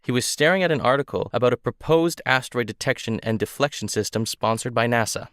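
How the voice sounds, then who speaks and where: A man reading a first-person science fiction story aloud in a steady, measured way. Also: mid-range voice, no echo, studio quality. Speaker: audiobook narrator. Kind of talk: scripted first-person narration.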